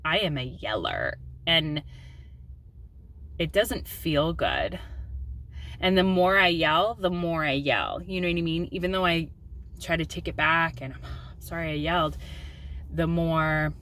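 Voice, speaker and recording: A woman's voice: deep voice, expressive, a little slow, long pauses, fairly bright tone. A woman in her thirties talking candidly in a personal vlog, open and confessional with filler ums. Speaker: mom vlogger.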